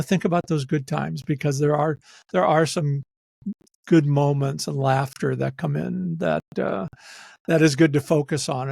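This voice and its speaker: A man's voice: mid-range voice, creaky, a little mellow, no room sound, clean studio sound. A male host of an interview show, speaking in an earnest, encouraging way. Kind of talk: podcast interview.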